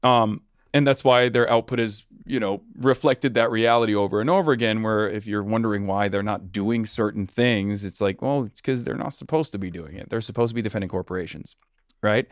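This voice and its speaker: A man's voice: lowish voice, fairly quick, clean tone, no echo. Argumentative man, dry close mic. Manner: argumentative, speaks in long winding sentences. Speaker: guest. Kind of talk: political commentary in conversation.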